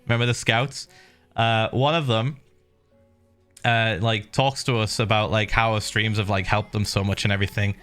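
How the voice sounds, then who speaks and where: A middle-aged man streaming, casually telling viewers a story with lively laughs and the odd swear. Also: lowish voice, moderate pace, smooth, soft background music.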